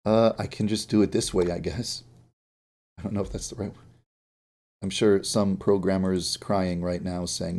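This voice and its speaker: A man's voice: low voice, little pitch movement, normal speed, pauses often, darkish tone. A sleepy man streaming as a game developer, muttering to himself while he works and throwing in jokey asides. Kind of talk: live-stream coding commentary.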